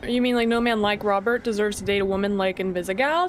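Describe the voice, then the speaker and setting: A woman streaming a card game, chatting casually, excitable and swearing freely as she thinks aloud. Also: medium pitch, fast talker, hardly any pauses, music in the background. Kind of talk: casual gameplay chat.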